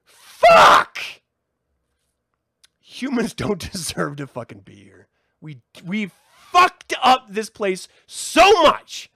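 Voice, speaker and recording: Male podcast host, high bright voice, animated; profane heated ranter. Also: slow, vocal fry, dry recording, studio quality. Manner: profane and heated, swings between shouting and calm explaining. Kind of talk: ranting solo podcast. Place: indoor room.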